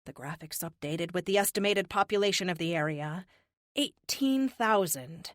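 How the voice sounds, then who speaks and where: A woman narrating an audiobook with a lively, expressive reading. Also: lowish voice, moderate pace, no room sound, studio quality. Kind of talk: scripted narration.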